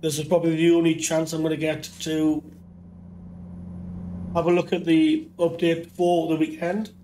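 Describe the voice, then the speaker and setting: A man with a Geordie accent hosting a casual game commentary, his voice croaky from flu, talking in a relaxed, rambling way with many ums. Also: a little high, moderate pace, slight background noise. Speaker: gaming channel host.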